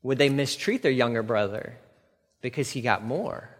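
A man with a medium-pitched, animated voice preaches a sermon at normal speed, and a long reverb tail trails his words. He reads scripture aloud, then breaks into casual, emphatic asides that repeat the key points.

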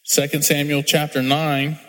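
A man's voice: a little high, monotone, measured pace. Guy pastor telling stories from the pulpit, echoey church hall sound. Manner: conversational preaching, acts out little scenes. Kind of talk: sermon. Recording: long hall reverb, soft music underneath.

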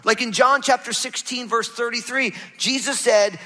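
High, bright preacher in a reverberant hall. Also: male voice, normal speed, few pauses. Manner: animated preaching, swinging between loud emphasis and hushed low passages. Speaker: pastor. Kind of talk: sermon.

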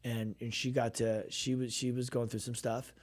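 On a Christian radio show, a man chats loosely and with animation about his ministry, stumbling over restarts and acting out what people said. His middle-pitched voice keeps a level tone at a normal speed, in a casual storytelling style.

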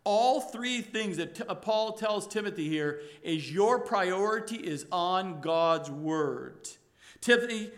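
A male pastor preaching a sermon to his congregation, emphatic and rising to loud exhortation. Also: high-pitched.

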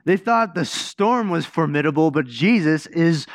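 A man preaching a sermon in a casual, conversational way, asking the congregation questions and dropping to a hushed voice for quiet moments. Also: a little high, lively intonation, unhurried, dry recording, clean studio sound. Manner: conversational, asks the congregation questions, many restarts. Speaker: pastor. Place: church.

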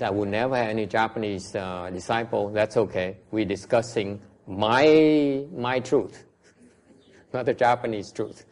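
A man's voice: on the low side, darkish tone. Blunt Vietnamese-speaking man teaching. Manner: blunt, questioning, switches between English and Vietnamese. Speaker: Buddhist teacher. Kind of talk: teaching a class.

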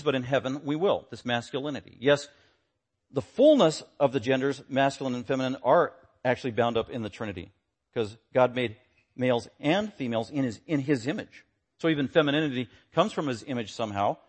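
A man preaching a sermon, emphatic, repeating short punchy phrases and swinging between loud declarations and quiet low asides.

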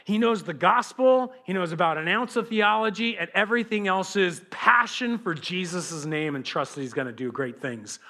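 A man preaching as a pastor, animated and conversational, speaking straight to his congregation. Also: fairly high pitch. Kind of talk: sermon.

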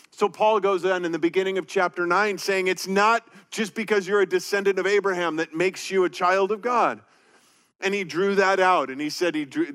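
A man preaching a verse-by-verse sermon, earnest and emphatic, slowing down to read scripture aloud. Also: high-pitched, a bit bright. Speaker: pastor. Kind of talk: sermon teaching through scripture.

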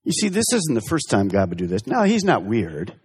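Husky male pastor preaching, voice jumps all over the place, fairly high, punchy and emphatic. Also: brisk, long reverb tail. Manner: emphatic, animated preaching with direct questions to the listeners. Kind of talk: sermon.

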